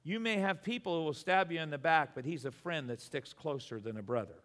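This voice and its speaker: A man's voice: fairly high pitch, fairly quick, a bit bright, in a large hall. A man pastor preaching a sermon in earnest, repeating words for emphasis.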